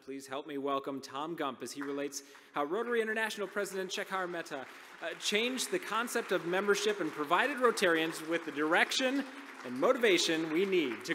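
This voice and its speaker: Higher-pitched male emcee, upbeat scripted introduction, long hall reverb. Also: a bit bright. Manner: upbeat, reads a prepared introduction. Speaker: conference emcee introducing a speaker. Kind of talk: reading a speaker introduction. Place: large conference hall.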